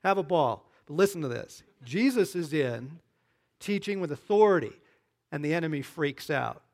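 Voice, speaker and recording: A male pastor preaching a conversational sermon, often checking in with "right?" and "okay?" and rising into animated bursts. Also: a little high, moderate pace.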